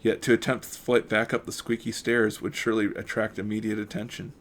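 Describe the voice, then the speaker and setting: A man with a lowish voice reads a mystery novel aloud. He keeps a steady pace but stumbles and corrects himself now and then, breaking off for relaxed comments of his own. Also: a little fast, slight background noise. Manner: steady reading with occasional stumbles and self-corrections. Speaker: audiobook reader. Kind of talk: reading a novel aloud with casual asides.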